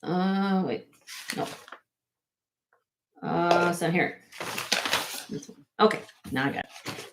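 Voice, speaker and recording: A woman's voice: on the low side, slow, pauses often, background noise. A woman hosting a casual live-stream jewelry sale, chatty and self-correcting, laughing often as she shows pieces to viewers.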